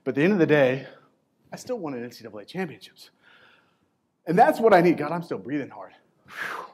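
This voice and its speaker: Male keynote speaker, 40s, motivational storyteller with a slightly raised pitch; emphatic, chatty delivery with short pauses. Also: sing-song, darkish tone, husky. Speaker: keynote speaker at a coaching event. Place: conference stage before a live audience.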